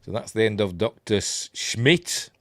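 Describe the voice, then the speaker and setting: Yorkshire bloke, middle-aged, low-ish voice, rambly film chat with wry jokes, dead dry sound. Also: male voice, animated, measured pace, no echo. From Yorkshire, England. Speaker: film review host. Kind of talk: casual film commentary over footage.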